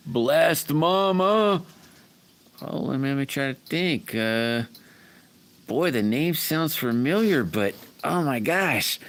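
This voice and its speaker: A man's voice: fairly low pitch, a bit bright. A middle-aged man hosting a casual livestream, rambling folksily and chuckling while he answers viewers by name. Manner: chatty, rambling, chuckles often. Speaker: livestream host. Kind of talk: casual livestream chat reading viewer comments.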